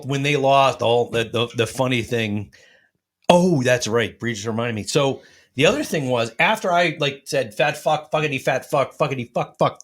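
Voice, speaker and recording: A man's voice: mid-range voice, fairly bright tone. A man telling a long, profanity-laced anecdote in casual chat, acting out what people said. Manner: profane, rambling anecdote with acted-out quotes. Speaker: host.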